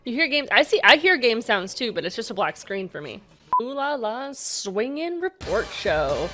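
A woman's voice: on the high side, very animated, normal speed, sharp tone, soft background music. A young woman streaming a retro game, laughing and groaning in frustration as she plays. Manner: laughing, exasperated, swearing in frustration. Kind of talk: casual gaming stream chat.

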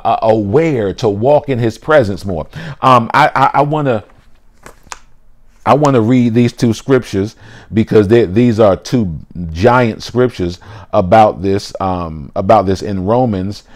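A man preaching a sermon, full of restarts and repetitions, often dropping into a soft lowered voice to act out an inner voice.

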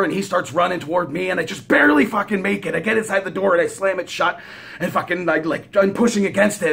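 Gravelly man telling a story, swearing freely. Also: high voice. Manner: profane, animated, rambling. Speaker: vlogger. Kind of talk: casual storytelling.

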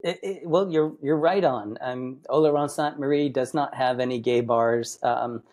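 A man from Massachusetts chats as a podcast guest, rambling through his stories. He often restarts and corrects himself mid-sentence. His voice sits at an ordinary middle pitch. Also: normal speed, a little mellow. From Massachusetts, United States. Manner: rambling, self-correcting storyteller. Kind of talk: casual interview chat.

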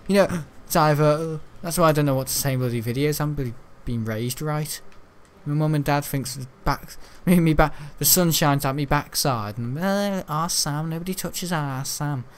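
Playing a game, this young YouTuber chats aimlessly in a voice on the high side at normal speed, tossing in casual swears and frequently starting sentences over. A little hiss or hum sits in the recording.

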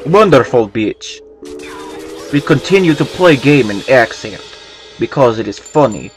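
A man's voice: a little high, very animated, extremely slow, faint music behind, full character voice. A man voicing a lazy plumber-shop owner who speaks in broken English, crude and smug. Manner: broken English, drops small words. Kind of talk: put-on accent during gameplay.

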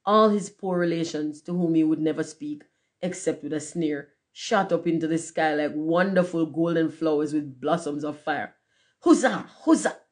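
Steady storybook narrator. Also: mid-range voice, normal speed. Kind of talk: storybook read-aloud narration.

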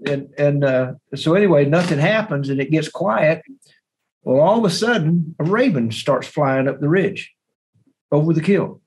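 A man who is a bowhunter, telling a hunting story as a podcast guest, animated and repeating words as he goes. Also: a little high, normal speed, rough recording. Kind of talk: hunting story told in an interview.

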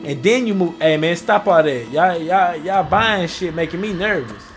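High-voiced, profane, joking male gamer. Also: animated, normal speed. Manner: loud, profane and jokey, talking trash to enemies. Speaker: gaming channel host. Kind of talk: casual gameplay commentary. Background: game music and gunfire.

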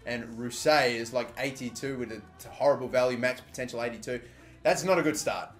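A young Australian gaming YouTuber gives live, excitable commentary on a football video game, swearing often and shouting at big moments. His voice is medium-pitched and fairly quick, with soft background music.

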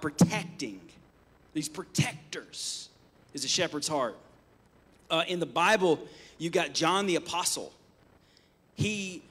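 High, bright-voiced male preacher. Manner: emphatic, with frequent restarts. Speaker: pastor. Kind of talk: sermon. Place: church, live-streamed service.

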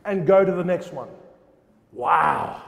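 Fervent high-voiced man preaching. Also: animated, slow pace, vocal fry, long reverb tail, noisy background. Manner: fervent, repeats phrases and asks rhetorical questions. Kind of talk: sermon. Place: church.

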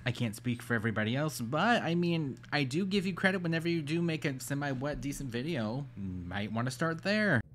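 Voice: mid-range voice, animated, fairly quick, hardly any pauses. A reaction commentator talking over a clip with dry, sarcastic remarks and frequent laughter.

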